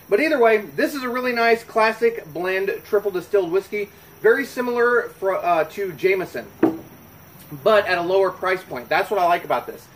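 Host reviewing whiskey, man, high voice, easygoing and jokey, faint background hum. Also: moderate pace, rough recording. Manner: relaxed, joking, chatty with fillers. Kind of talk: casual chat to camera. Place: home bar.

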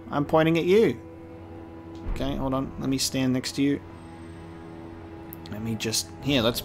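A man doing casual let's-play commentary, chatty and joking, swearing when surprised. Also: medium pitch. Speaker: gaming video host.

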